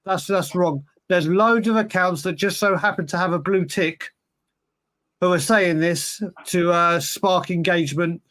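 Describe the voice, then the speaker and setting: A man's voice: high voice, measured pace, fairly bright tone. A man co-hosting a casual football podcast, rambling and emphatic with lots of restarts. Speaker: podcast co-host.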